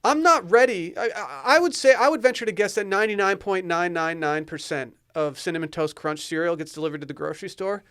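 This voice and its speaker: An excitable man co-hosts a podcast in casual chat, with a slightly high voice. He jokes around and gets worked up quickly. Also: clear, resonant tone. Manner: excitable, jokey, reads ad copy playfully. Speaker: podcast co-host.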